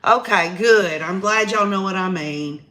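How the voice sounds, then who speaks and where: A woman with a Southern drawl talks through the news live to her viewers, calling them "y'all" and thinking out loud. Her voice is bright and clear, sitting at a middle pitch for a woman. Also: unhurried. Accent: Southern American. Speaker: livestream host. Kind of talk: casual live commentary.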